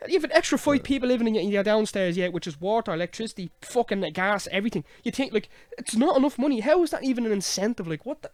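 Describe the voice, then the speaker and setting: A young Irish man hosting a casual late-night podcast, ranting in an animated, sweary way. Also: sits high, quick pace, few pauses, no echo. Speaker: podcast host.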